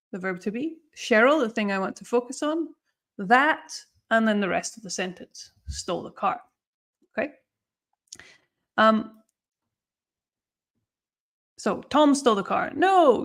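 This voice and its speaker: A woman teaching English grammar in a chatty live online lesson, often checking in with "okay?". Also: on the high side.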